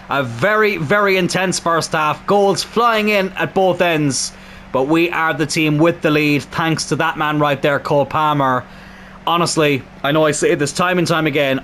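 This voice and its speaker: A young man with a high voice and a slightly sore throat narrates his football video game. He calls the play calmly, then erupts into shouting and swearing when goals go in. A faint hiss of noise sits behind him. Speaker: gaming YouTuber. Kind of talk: excitable football game commentary.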